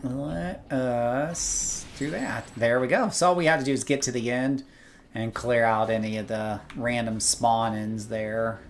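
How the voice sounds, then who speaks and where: A man talks through his gameplay in a relaxed, chatty way, tossing out wry asides as things happen on screen. He speaks into a headset, with a faint background hiss. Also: medium pitch, normal speed. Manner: chatty, wry, exclaiming at the game. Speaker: gaming streamer. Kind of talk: casual gameplay commentary. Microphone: headset earpiece.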